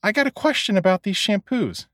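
A man's voice: sits high, lively intonation, fairly quick, fairly bright tone, no room sound, studio quality, pitched above the performer's own voice. A man voicing a young woman customer in a raised, lighter voice. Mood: friendly. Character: young woman customer, friendly then frightened.

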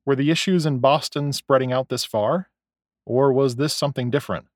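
A man narrating a novel as an audiobook, in a measured, expressive storytelling way. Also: medium pitch, dry recording, studio quality. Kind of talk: scripted narration.

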